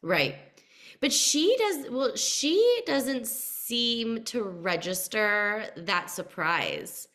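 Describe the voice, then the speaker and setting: A woman's voice: on the high side, big pitch swings, very slow, a bit bright. A woman co-hosting a podcast, chatting casually about a film and filling her sentences with "like". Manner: chatty, leans on "like" as a filler. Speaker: podcast co-host.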